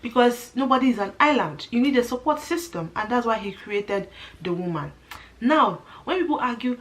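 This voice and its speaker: A young woman, giving her opinions in a casual, animated vlog and speaking straight to her viewers. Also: a little high, normal speed, rough recording. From Nigeria. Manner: animated, talks to viewers directly with frequent asides and restarts. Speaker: vlogger.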